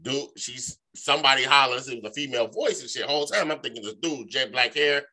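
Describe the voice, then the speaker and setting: A man co-hosting a podcast, telling a long, profane story in a loose, animated way, full of filler phrases. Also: mid-range voice, a little fast. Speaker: podcast co-host. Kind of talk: casual storytelling.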